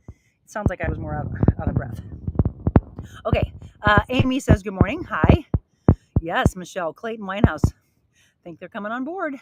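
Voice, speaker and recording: A woman's voice: medium pitch, lively intonation, unhurried, long pauses. A woman fitness coach and host, slightly out of breath, energetically demonstrating a workout outdoors by a pool and encouraging viewers while reading their comments. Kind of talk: live workout demo and motivational talk. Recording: loud background noise with clicks.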